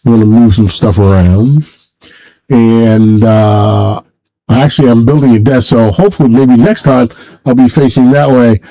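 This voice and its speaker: Man, casual livestream host, rambling, halting, sentimental, mellow voice. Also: mid-range voice, low-quality recording. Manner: rambling, halting, many restarts; emotional, sentimental. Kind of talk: casual solo livestream chat.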